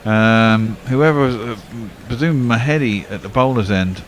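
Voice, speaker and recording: A man calls a cricket match ball by ball at a middling pitch, chatty and relaxed between deliveries. He jumps up in pitch and volume when a shot flies or a run-out goes wrong. A faint hiss sits under the recording. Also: unhurried. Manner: excitable bursts on big shots, relaxed chat between balls. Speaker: cricket commentator. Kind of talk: ball-by-ball radio commentary.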